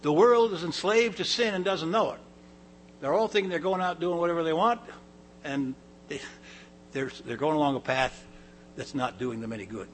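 A man's voice: a little high, normal speed, long pauses, a little hiss or hum, poor audio. A man giving a sermon, reading scripture with rising emphasis and then explaining it in a plain, conversational way with restarts. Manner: conversational asides with small laughs and restarts. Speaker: pastor.

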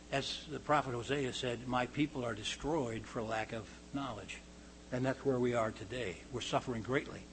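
A man preaching a verse-by-verse Bible study, reading quotes aloud louder and higher, then dropping low to comment, often clearing his throat. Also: slight background noise, rough recording.

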